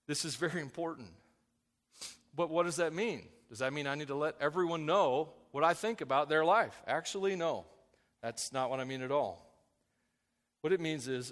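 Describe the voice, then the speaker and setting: A man preaching a sermon as a pastor, swinging from loud emphatic points to quiet asides. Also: mid-range voice, long reverb tail.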